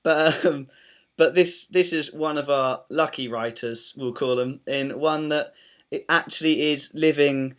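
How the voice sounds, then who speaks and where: A man's voice: mid-range voice, fairly bright tone, clear, resonant tone. A British man hosts a podcast in a loose, joking way. He rambles through his intros and teases his co-host and guest with playful asides. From Britain. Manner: jokey, teasing, rambling with restarts. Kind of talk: podcast banter and interviewing.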